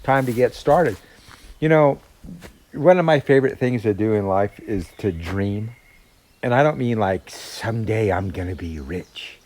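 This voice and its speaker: A man's voice: medium pitch, measured pace, long pauses, darkish tone. A man, chatting casually and rambling as he vlogs a hike outdoors on a mountain trail. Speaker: hiker vlogger. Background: guitar music.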